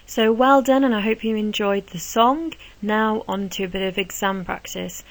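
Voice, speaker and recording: A woman history teacher giving an exam revision lesson, explaining answers step by step in a brisk, encouraging way. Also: mid-range voice, poor audio.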